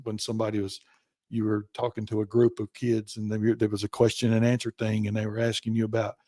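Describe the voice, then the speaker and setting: A man in his sixties hosting a chat show, talking in a halting way with many restarts. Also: on the low side, mellow, no room sound. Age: 60s. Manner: halting, full of fillers and restarts. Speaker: show host. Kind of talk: casual chat.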